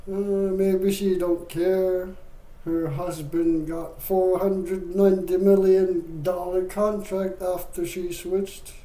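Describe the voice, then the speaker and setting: Slow-talking man with a mellow voice. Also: high voice, level tone, echoey room, rough recording. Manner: laughs often, mixes Inuktitut with English. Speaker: host reacting to clips. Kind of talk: casual commentary.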